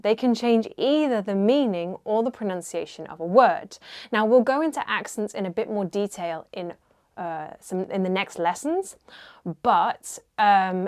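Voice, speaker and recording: A woman's voice: medium pitch, a little mellow. A woman teaching a beginner French lesson, carefully modelling pronunciation and repeating words for learners. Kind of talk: language lesson.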